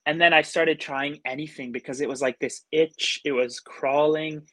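A man's voice: on the high side, steady tone, normal speed, sharp tone, no echo. A man telling a story as a podcast guest in a casual way, rambling and full of fillers. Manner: rambling, filler-heavy with many likes.

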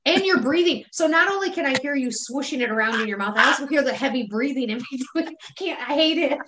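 A woman's voice: sits high, expressive, fast talker, noisy background. A woman co-hosting a casual chat podcast, ranting bluntly and with exasperation about pet peeves. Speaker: podcast co-host.

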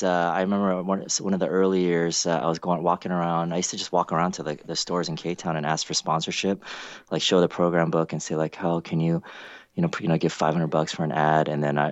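A man chatting casually, telling animated stories and acting out other people's lines. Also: quick pace, dry recording, lo-fi sound. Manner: animated storyteller, acts out quotes with big pitch jumps. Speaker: event organizer. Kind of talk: casual chat, storytelling.

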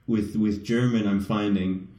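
A man's voice: lowish voice, fairly even intonation, measured pace, dark tone, echoey room. A man co-hosting a casual podcast, rambling and self-mocking, laughing often. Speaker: podcast co-host.

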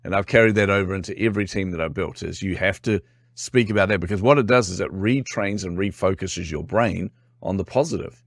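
Kiwi-accented man with a low voice. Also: a little fast, dry recording, clean studio sound. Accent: New Zealand. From New Zealand. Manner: animated storyteller, acts out quotes, laughs often. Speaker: guest. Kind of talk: casual interview chat.

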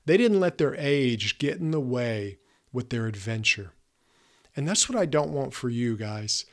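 A podcast host in his fifties speaks straight to his listeners in an earnest, emphatic motivational talk. His medium-pitched voice is expressive, and he keeps a measured pace.

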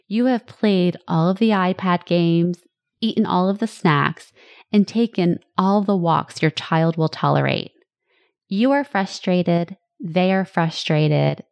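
A woman in her thirties with a lowish voice talks in a calm, gentle, measured way. She hosts a self-help podcast, recorded close and dry with no room sound. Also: no echo. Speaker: podcast host.

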